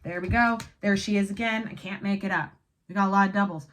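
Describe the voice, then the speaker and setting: A woman's voice: mid-range voice, fairly even intonation, fast talker, fairly bright tone. A woman giving a casual spiritual tarot reading, emphatic and swearing now and then, slipping into the inner voices of her listeners. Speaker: tarot reader.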